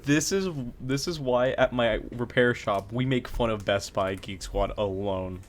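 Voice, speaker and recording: A man's voice: medium pitch, a little slow, noisy background. A man co-hosting a podcast in casual chat, brash and joking, trash-talking with lots of swearing. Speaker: podcast co-host.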